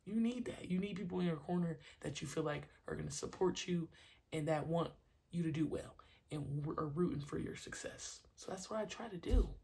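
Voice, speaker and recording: Woman host, lowish pitch, casual and slangy, animated youth-coach energy. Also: a little fast, vocal fry. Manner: animated, acts out her own coaching shouts; slangy, conversational. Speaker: podcast host and youth sports trainer. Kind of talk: casual monologue.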